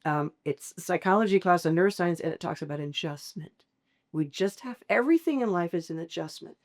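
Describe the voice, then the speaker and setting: A middle-aged woman, a family caregiver, speaking candidly in an interview and acting out voices as she tells her stories. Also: fairly quick. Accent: Southern American. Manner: animated storyteller, acts out quoted voices with big pitch jumps.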